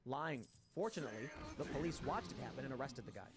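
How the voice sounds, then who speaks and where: A man hosting a casual panel talk, telling stories in an animated, rapid way. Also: mid-range voice, music in the background. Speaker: host.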